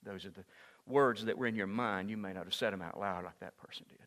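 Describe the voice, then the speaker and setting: A man preaching a sermon as pastor in a church, moving from hushed asides to loud, impassioned peaks. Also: on the low side, fast talker, big-room sound. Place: church sanctuary.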